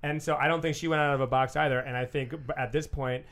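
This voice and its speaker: A man's voice: mid-range voice, steady tone, a bit bright. Agreeable male co-host. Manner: agreeable, quick to chime in. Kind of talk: casual chat.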